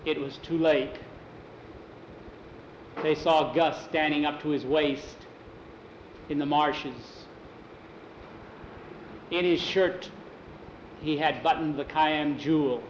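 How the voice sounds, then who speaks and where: A man's voice: a little high, fairly even intonation, slow pace, pauses often, dull audio, slight background noise. Man telling an improvised story, echoey. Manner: casual, repeats "he said", restarts words.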